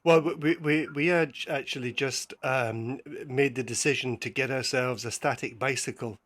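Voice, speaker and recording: A man's voice: mid-range voice, moderate pace, a bit bright. A man talking on a radio show, hesitant and often stumbling and repeating words. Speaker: guest. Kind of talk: radio talk show chat.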